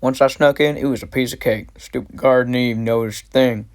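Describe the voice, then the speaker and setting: A young man with a steady, mid-range voice narrates a flashback in a school history skit, an amateur comedy sketch. Speaking a little fast and lightly acted, he plays a boastful tough soldier, sounding cocky and slangy.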